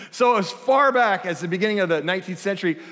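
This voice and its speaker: Man, high voice, guest preacher, chatty storytelling sermon, long hall reverb. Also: fast talker. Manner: animated, self-deprecating, acts out dialogue. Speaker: guest speaker. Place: church auditorium.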